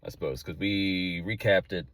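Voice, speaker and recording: A man hosting a comedy web show, teasing and fast, pitching his own services between comic bits. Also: steady tone, fairly bright tone, no room sound. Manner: fast, jokey, teasing, self-promoting. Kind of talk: comedic host banter and mock ads.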